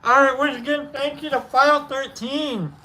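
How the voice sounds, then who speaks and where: A woman's voice: sits high, fairly even intonation, normal speed, sharp tone, a little hiss or hum. A woman hosting a casual livestream, rambling, swearing and joking as she greets chat members by name. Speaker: livestream host.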